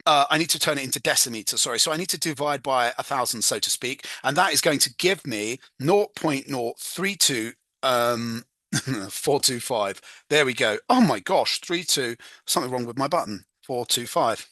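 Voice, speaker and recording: A chatty man walks through a chemistry exam question in a casual tutoring voice, teasing himself over slips and humming as he writes. His voice is bright and forward. It is recorded close and dry, with no room sound. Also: mid-range voice, expressive, moderate pace, no room sound. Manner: chatty, self-mocking, hums "da da" while working.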